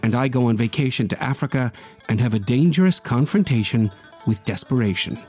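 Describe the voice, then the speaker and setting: A man hosting a radio show, narrating a polished script in a measured way. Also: mid-range voice, darkish tone, faint music behind. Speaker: radio host.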